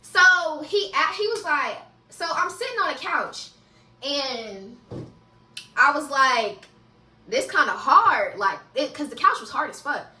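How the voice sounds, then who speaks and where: Speaking slowly in a high voice, this young female vlogger shares a laid-back story-time vlog full of laughter and profanity. The room echoes, and she sits a fair way back from the microphone.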